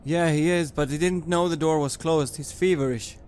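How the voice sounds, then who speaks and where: A man playing a character in a tabletop horror game, answering quickly and eagerly. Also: a little high, steady tone, a little mellow, clean tone.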